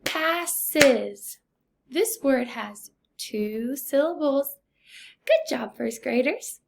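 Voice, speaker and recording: A woman teaching a recorded first grade phonics lesson, speaking slowly and deliberately in an encouraging teacher's way. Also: high voice, animated, gravelly, a little mellow.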